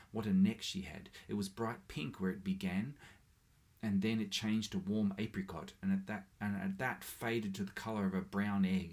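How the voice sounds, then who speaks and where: A man with a low, gravelly voice reads a short story aloud. He keeps a steady, measured pace, with a few small slips along the way. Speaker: reader.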